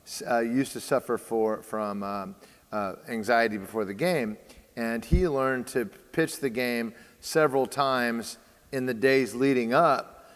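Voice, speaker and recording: A man's voice: mid-range voice, measured pace, a bit bright. A man in casual conversation, spinning a story and slipping into the voices of the people in it. He hesitates often with uh and um. His voice rings out with a long hall reverb. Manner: storytelling, acts out quoted dialogue, many fillers. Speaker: baseball training host.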